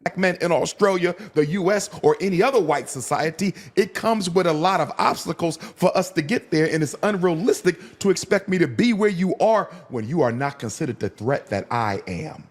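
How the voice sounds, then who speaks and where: Firm lecturing man, fairly high voice. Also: lively intonation, moderate pace, hardly any pauses. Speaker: guest speaker. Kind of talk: argumentative discussion.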